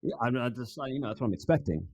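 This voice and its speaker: A man's voice: mid-range voice, expressive, rapid-fire, darkish tone. A man with a Midwestern American accent, co-hosting a casual podcast chat in a laid-back, bantering way. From Kansas City area, USA. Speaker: podcast co-host.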